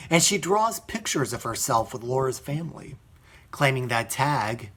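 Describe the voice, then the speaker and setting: A man's voice: mid-range voice, a bit bright. A man reviewing a film in a chatty style with joking asides. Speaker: film critic.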